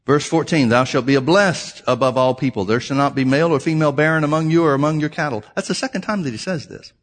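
A man's voice: on the high side, quick pace. Emphatic man preaching a sermon. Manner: emphatic, repeats phrases, addresses listeners as folks.

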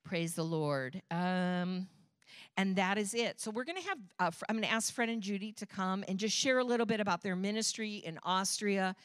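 A woman's voice: mid-range voice, normal speed, smooth, no room sound, studio quality. A woman co-pastor giving church announcements in a conversational manner, with frequent fillers.

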